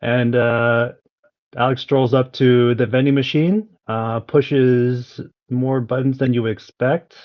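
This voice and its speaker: A man's voice: mid-range voice, steady tone, takes it slowly. Hesitant man describing his character. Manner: hesitant, many uh fillers. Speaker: player. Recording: dull online call audio.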